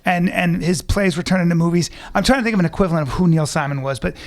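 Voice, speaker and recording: A man hosting a casual podcast, telling animated stories and swearing casually. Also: high voice, fast. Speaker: podcast host.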